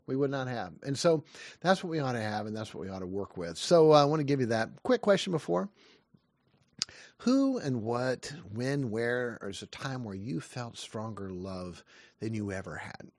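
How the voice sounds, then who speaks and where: A man in his fifties giving a short devotional sermon, earnest and lively, asking questions and answering them. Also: mid-range voice, no echo, clean studio sound. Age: 50s. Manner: earnest, lively preaching with rising questions and quick asides. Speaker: pastor.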